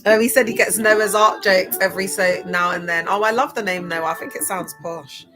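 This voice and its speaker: A woman's voice: medium pitch, brisk, over music. Chatty woman on a livestream. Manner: chatty, laughs often, spells out words. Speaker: livestream host. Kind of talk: casual livestream talk.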